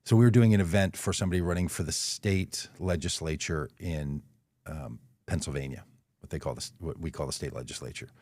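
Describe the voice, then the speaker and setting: A man's voice: rumbling low, a little fast, a little mellow, dry recording, clean studio sound. A man telling a personal story as a guest speaker on a video call, in a conversational way, correcting himself as he goes. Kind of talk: anecdotal storytelling.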